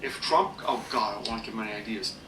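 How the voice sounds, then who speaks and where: A man's voice: fairly low pitch, racing, a crowd in the background. A man talking in a casual, rambling vlog rant, self-deprecating and full of fillers, recorded from a distance in an echoey room.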